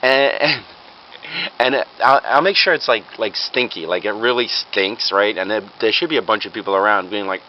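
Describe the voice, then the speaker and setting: A man rambling through a comic prank idea, acting out the bystanders in high, shouty voices. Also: animated, normal speed, a little hiss or hum, low-quality recording. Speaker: vlogger.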